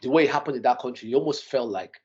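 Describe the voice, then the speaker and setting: A man telling a story in casual chat, animated and full of restarts, his voice jumping up when he is shocked. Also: medium pitch, rapid-fire, dull audio. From Nigeria and the UK. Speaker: podcast guest.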